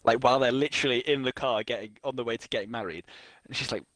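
A man's voice: medium pitch, fast, a bit bright, no echo. A young man chatting casually, retelling a story with restarts, fillers and laughs. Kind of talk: casual chat.

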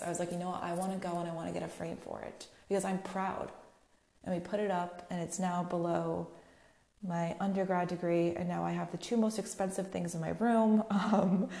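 Young woman podcasting solo, chatty and blunt, kinda low gravelly voice, echoey room. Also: mellow. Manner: chatty and candid, swearing freely. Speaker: podcast host. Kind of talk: casual solo podcast monologue.

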